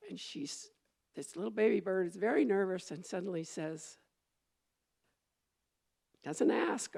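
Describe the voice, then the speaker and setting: A woman's voice: mid-range voice, measured pace, vocal fry, long pauses, a little mellow. A woman minister giving a conversational sermon, meandering, with fillers and restarts as she goes.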